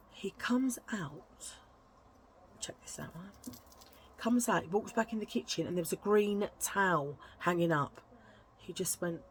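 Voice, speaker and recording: A woman telling a casual story to her vlog viewers, chatty and indignant, often adding "right?". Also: mid-range voice. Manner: chatty, indignant, tag questions. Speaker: vlogger.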